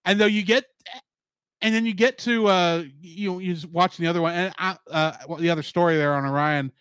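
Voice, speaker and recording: A man's voice: high-pitched, clean tone, dry recording, clean studio sound. A man co-hosting a podcast, chatting casually about a TV episode and acting out bits of dialogue. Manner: animated, acts out character lines in quick voices. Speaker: podcast co-host. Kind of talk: casual review chat.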